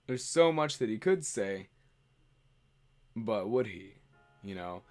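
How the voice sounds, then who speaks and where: A man's voice: lowish voice, lively intonation, slow pace, a little mellow, faint music behind. A man streaming, chatting casually and rambling as he answers viewer questions. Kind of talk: casual livestream chat.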